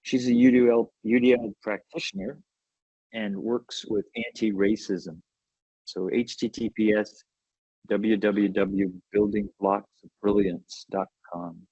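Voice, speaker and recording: A man's voice: fairly low pitch, fairly even intonation, measured pace, mellow, breathy edge, no echo, muffled recording. A man giving an educational webinar talk in an enthusiastic, conversational way, often checking in with "right?". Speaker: webinar presenter.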